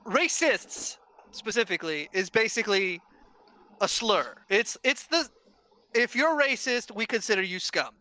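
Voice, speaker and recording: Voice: mid-range voice, pushed and bright. A host in a casual online discussion over a video call, arguing points and restarting phrases while thinking them through.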